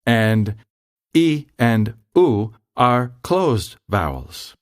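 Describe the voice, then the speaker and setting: A man narrating a scripted grammar lesson in a slow, careful, explanatory way. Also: medium pitch, big pitch swings, dry recording, studio quality. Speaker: language tutor.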